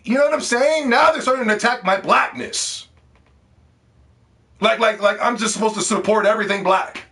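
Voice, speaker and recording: A man's voice: sits high, moderate pace, bright, forceful tone. A man ranting to the camera about games, heated and profane, repeating words when worked up. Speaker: gaming video host. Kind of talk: ranting video commentary.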